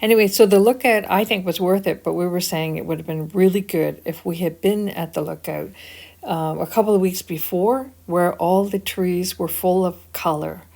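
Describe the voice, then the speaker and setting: A woman's voice: on the low side, normal speed, creaky, darkish tone. Earnest older woman narrating her vlog. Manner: earnest, encouraging, motivational. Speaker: vlogger.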